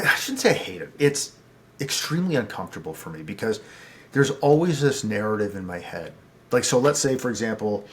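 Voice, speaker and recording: A man hosts a podcast conversation, his voice at an ordinary middle pitch. He speaks haltingly and reflectively, searching for words with frequent restarts. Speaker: podcast host.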